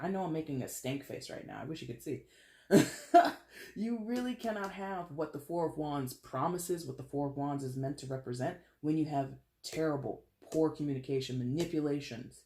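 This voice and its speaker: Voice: medium pitch, a little mellow. A tarot card reader giving a casual monthly reading straight to the viewers, talking frankly with loose swearing and lots of pop-culture asides. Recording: roomy echo.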